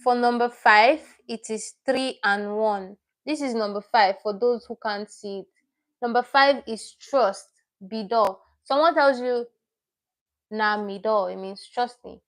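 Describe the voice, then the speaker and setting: A woman's voice: on the high side, unhurried. A woman teaching a live online language lesson, patient and repeating each word as she explains it step by step.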